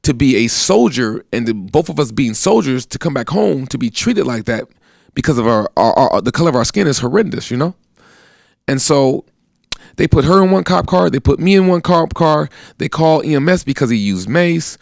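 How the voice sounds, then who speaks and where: A thirty-something army veteran from the US, appearing as a guest, tells his personal account in earnest, plainspoken conversation and acts out quoted voices. He has a medium pitch with lively intonation and vocal fry, speaking at a moderate pace, recorded at studio quality with no echo.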